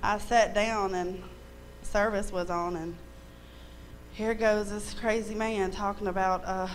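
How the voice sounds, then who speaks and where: A woman's voice: medium pitch, fairly even intonation, slow, low-quality recording. A woman testifies before her congregation in a mid-range, ordinary voice. She talks frankly and conversationally, laughing easily and letting a mild curse slip now and then, with a faint hiss of background noise. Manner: candid and chatty, laughing often, mild cursing. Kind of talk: spontaneous church testimony. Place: church service.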